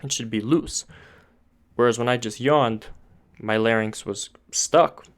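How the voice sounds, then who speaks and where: A man's voice: mid-range voice, a little slow. A man teaching singing technique, explaining step by step and often restarting his sentences as he thinks aloud. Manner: talks with his hands, pointing to parts of his throat and face.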